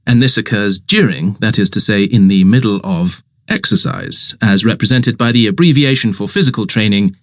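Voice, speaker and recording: A man narrating a comic story in a lively way. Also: on the low side, normal speed, no room sound, studio quality.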